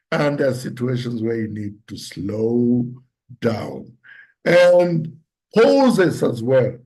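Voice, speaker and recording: A man teaches how the voice carries meaning. He speaks slowly and unhurriedly, in a slightly higher register, and now and then acts out example phrases to show tone. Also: darkish tone. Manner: deliberate, demonstrates pitch and tone examples aloud. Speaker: public speaking coach. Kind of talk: instructive talk on voice and public speaking.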